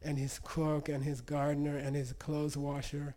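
Brief: casual male meditation teacher, mellow and slightly high voice, keeps asking "okay?". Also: completely flat delivery, moderate pace. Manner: conversational, checks in with "okay?" and "you know". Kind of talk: storytelling lesson.

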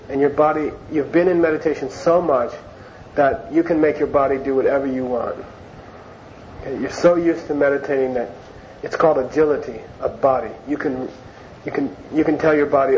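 A man teaching an informal Buddhist class in a chatty, unhurried way, restating key words so they sink in. His voice sits in a middle range. The recording is muffled and lo-fi, with a soft hiss underneath. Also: mid-range voice. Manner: conversational, repeats words and phrases for emphasis. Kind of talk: informal Dharma class lecture. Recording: dull lo-fi recording with faint hiss.

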